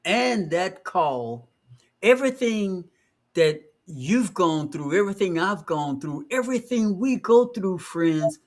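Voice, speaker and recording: Slow-talking man with a high voice. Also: lively intonation. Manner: reflective, affirming, often laughing along. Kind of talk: casual motivational faith talk.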